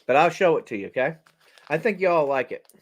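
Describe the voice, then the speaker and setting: A man's voice: on the high side, brisk. A man hosting a casual charity auction video, chatty and exclaiming as he shows coins to viewers. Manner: animated, chatty, exclaims and jokes aloud. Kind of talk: casual show-and-tell video.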